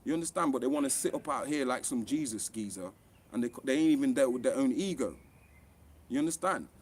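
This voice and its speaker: A man speaking straight to camera in a heated, impassioned rant. His delivery is blunt and full of swearing, and his voice keeps rising sharply for emphasis. His pitch sits in an ordinary middle range for a man. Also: expressive, fairly quick, a little hiss or hum. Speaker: author and online commentator.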